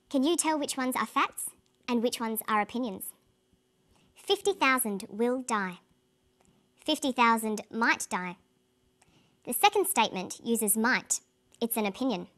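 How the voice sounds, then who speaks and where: A woman with a slightly high voice presents an English lesson, speaking clearly and at an even, careful pace. Her delivery is scripted and measured.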